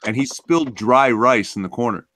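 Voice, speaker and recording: A man's voice: mid-range voice, moderate pace, a bit bright. A man chatting on a casual podcast in a laid-back, matter-of-fact way. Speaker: podcast co-host. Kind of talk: casual chat.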